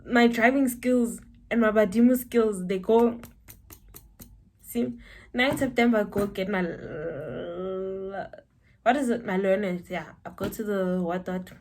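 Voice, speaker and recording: A young South African woman telling a personal story to camera, animated and breaking into high exclamations. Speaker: vlogger.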